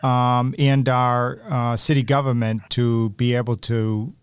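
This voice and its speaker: A man who works as a city official, answering interview questions in a measured, explanatory, upbeat way. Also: mid-range voice, little pitch movement, clear, resonant tone, no echo.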